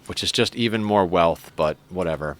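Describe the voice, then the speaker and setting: During a casual live stream, the man plays a game while joking and chatting with viewers and his cat. His voice is low-pitched and his pace moderate.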